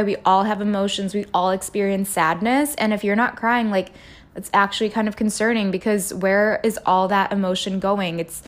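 A woman in her twenties hosting a casual solo podcast, candid and chatty, laughing often and swearing freely. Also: mid-range voice. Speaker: podcast host.

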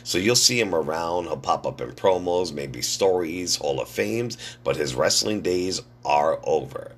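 A hoarse middle-aged man with a gravelly, husky voice, hosting a casual wrestling news podcast in a blunt, profane way. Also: low voice, lively intonation, measured pace, fairly bright tone, slight background noise. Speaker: podcast host.

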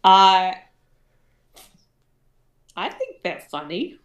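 Slow-talking laughing woman, echoey room. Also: mid-range voice, very animated, dull audio. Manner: laughing, teasing, unhurried. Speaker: podcast co-host. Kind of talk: casual chat.

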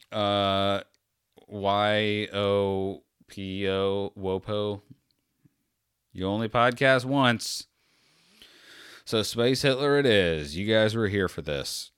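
A man's voice: on the low side, fairly bright tone, clear, resonant tone, dry recording. A tired man hosting a solo podcast, rambling in a sarcastic, self-deprecating way on a close mic. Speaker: podcast host.

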